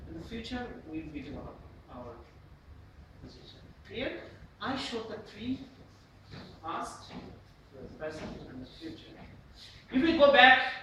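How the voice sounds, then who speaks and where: A man with a Bangladeshi English accent lecturing a university class on presentation gestures, often checking in with "Clear?" and "Yes?". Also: high voice. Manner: animated, repeatedly asks "Clear?" and "Yes?". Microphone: camera at the back of the room. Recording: echoey classroom from far off, noisy.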